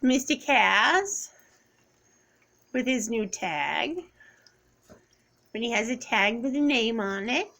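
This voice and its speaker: A woman with a high, very lively voice talks to her pets at home in sing-song baby talk. She speaks slowly, her pitch swooping up and down as she coaxes the animals. The tone is light and playful throughout. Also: creaky. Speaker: pet owner. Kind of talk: home pet video.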